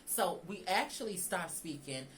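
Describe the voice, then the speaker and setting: A woman's voice: fairly low pitch, animated, unhurried, a bit bright, slight background noise, rough recording. A young woman, chatting animatedly to viewers in a casual storytime. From Southern United States. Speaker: vlogger.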